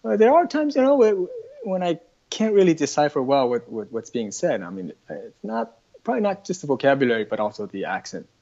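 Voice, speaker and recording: A man's voice: fairly high pitch, wildly swooping pitch, mellow. Man with a North American accent, lo-fi. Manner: halting, thinking aloud with many restarts. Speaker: interview guest. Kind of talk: casual conversation.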